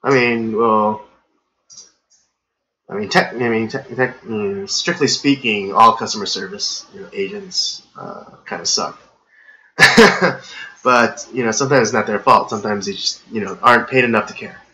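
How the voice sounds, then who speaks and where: A man's voice: lowish voice, moderate pace, sharp tone, highs cut off, slight background noise. Rambling man ranting on a live stream. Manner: rambling, heavy on "you know" fillers; gets worked up and ranting. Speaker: podcast host. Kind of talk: casual live-stream monologue.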